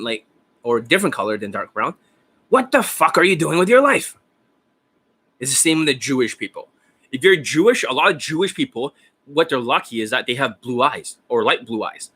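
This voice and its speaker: A man's voice: on the high side, pushed and bright, breathy edge. A man who is a dating coach, talking in a rambling, profane, casual way and laughing often. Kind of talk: casual rambling livestream talk.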